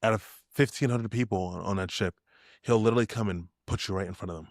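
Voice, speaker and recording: A man's voice: lowish voice, fast, no echo, studio quality. A young man, a podcast guest, telling stories with spirit and acting out the lines of people in them. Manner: acts out dialogue in shifted voices, spirited. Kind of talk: animated storytelling.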